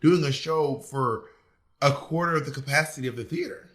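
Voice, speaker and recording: A man's voice: fairly high pitch, normal speed, a bit bright. A man co-hosting a podcast in casual, teasing chat, swearing freely. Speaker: podcast co-host.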